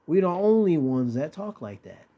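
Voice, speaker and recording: A man's voice: a little high, sing-song, normal speed, mellow. A man teaching scripture in a loose, conversational way, reading verses and often checking in with the listener. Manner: conversational, keeps checking in with "right?". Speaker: Bible teacher.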